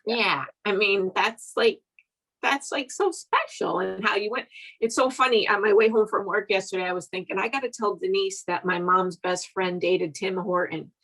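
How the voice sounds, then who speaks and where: A woman's voice: mid-range voice, normal speed, fairly bright tone, rough recording. A woman in a group video chat, praising a friend in an emotional, rambling way while holding back tears. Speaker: group member giving encouragement. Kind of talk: casual chat on a video call.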